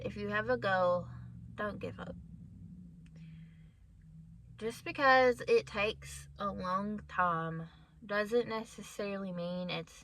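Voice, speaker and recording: A woman talking casually and with deep feeling in a personal vlog from her car, at times close to tears and worn down by a headache. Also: creaky, pushed and bright. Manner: emotional, heartfelt, tearful at times. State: has a migraine. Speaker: vlogger.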